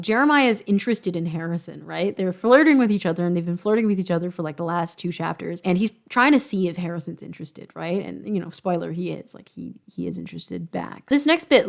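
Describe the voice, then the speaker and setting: A woman's voice: fairly low pitch, expressive, brisk, creaky, hardly any pauses. A young adult woman hosting a casual writing-craft talk, chatty and questioning, peppering her points with "like" and "right?". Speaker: writer and channel host.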